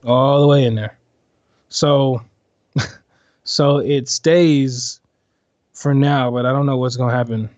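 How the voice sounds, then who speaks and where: A man's voice: mid-range voice, fairly even intonation, takes it slowly, pauses often, darkish tone, no echo. A man chatting casually on a podcast, talking in a laid-back, rambling way. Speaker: podcast guest and club dancer. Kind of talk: casual chat. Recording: dull, dry sound.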